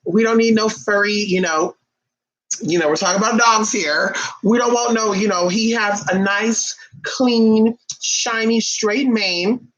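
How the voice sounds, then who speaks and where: A sassy, foul-mouthed vlogger rants straight to camera with plenty of emphasis, tossing in honey and baby. The voice sits at a middle pitch, and the recording sounds dull and lo-fi. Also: a little slow, a bit bright. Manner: calls listeners honey and baby. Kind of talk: casual ranting monologue to camera.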